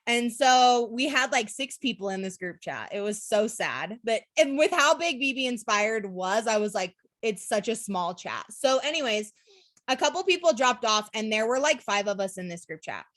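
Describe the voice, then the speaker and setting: A woman's voice: on the high side, animated, moderate pace, a bit bright, no room sound. A young woman from Utah telling her network marketing story in a casual, candid way, full of "like" and "literally" and the odd swear word. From Utah, USA.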